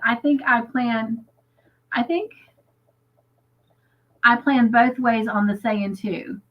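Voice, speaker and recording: A woman's voice: on the high side, takes it slowly, a bit bright, poor audio. An American woman hosting a casual livestream chat, upbeat and chatty, reading viewer comments aloud. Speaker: livestream host.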